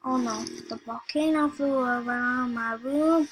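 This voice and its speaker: A woman giving excitable, casual commentary on a video game she is playing, talking straight to her viewers and often repeating herself. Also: high voice, measured pace, slight background noise, poor audio. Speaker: gaming video creator. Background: music.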